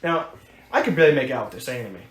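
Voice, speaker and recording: A man's voice: medium pitch, lively intonation, racing. An American man, a podcast co-host, telling a long story in a rambling way, with many restarts and fillers. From United States. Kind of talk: casual chat. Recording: echoey room, faint hiss.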